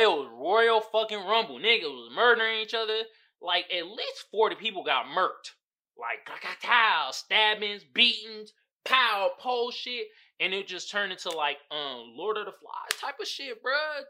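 A man hosting a podcast, casually recapping a TV series with animated, profane storytelling. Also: fairly high pitch. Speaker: podcast host.

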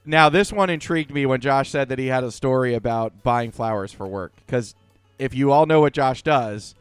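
A man's voice: mid-range voice, normal speed, clear, resonant tone, dry recording, soft background music. A man co-hosting a podcast in casual chat, teasing his co-host and laughing easily.

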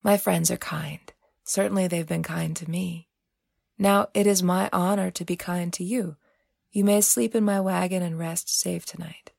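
A woman voicing a kind, steady young woman traveler who speaks gently and calmly. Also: lowish voice, moderate pace, gravelly, dry recording, clean studio sound. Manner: gentle and calm.

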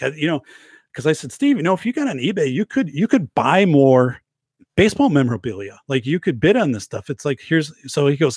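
Husky rambling man telling a story. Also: medium pitch, big pitch swings, a little fast, no echo, clean studio sound. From Wisconsin, US. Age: 40s. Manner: rambling, self-interrupting storyteller with many restarts. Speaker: podcast host. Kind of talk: casual storytelling on a livestream.

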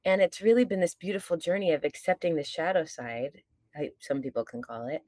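A woman with a deep, low-set speaking voice talks as a podcast guest in casual conversation. She is earnest and reflective, speaks candidly and lets the odd curse slip. The sound is dry and close, with no room around it. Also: a little fast, a little mellow, dry recording. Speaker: stage performer. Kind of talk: casual chat.

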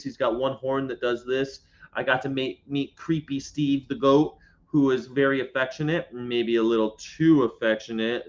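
A vegan livestreamer sits inside a parked box truck, chatting casually with his audience in a rambling, jokey way and reading viewer comments aloud as he answers them. His voice is mid-range, and the recording has its highs cut off.

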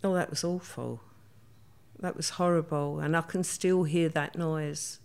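Low-voiced woman recounting events. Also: steady tone, vocal fry, darkish tone. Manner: vivid, hurried retelling with many quoted voices. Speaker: interviewee. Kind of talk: conversational storytelling.

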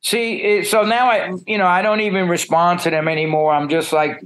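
A middle-aged man, telling stories as a musician guest in a blunt, profane and animated way. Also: high voice, brisk. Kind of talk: casual storytelling.

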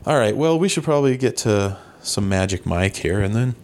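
A man's voice: lowish voice, animated, moderate pace, a little mellow. A man co-hosting a podcast, chatting casually and matter-of-factly about movies. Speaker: podcast co-host. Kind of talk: casual chat.

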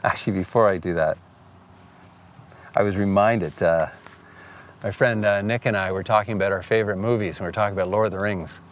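Middle-aged male pastor, slightly low voice, conversational sermon delivery. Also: fairly even intonation, brisk, long pauses, slight background noise. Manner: conversational preaching, reads scripture aloud, small restarts.

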